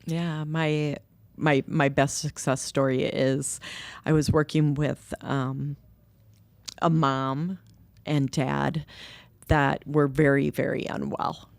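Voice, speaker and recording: A middle-aged woman telling stories in conversation, candid and lively, acting out what others said. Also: deep voice, takes it slowly, creaky, dry recording. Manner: candid, animated quoting of others. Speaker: guest, nonprofit co-founder. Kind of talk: conversational storytelling. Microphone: podcast microphone.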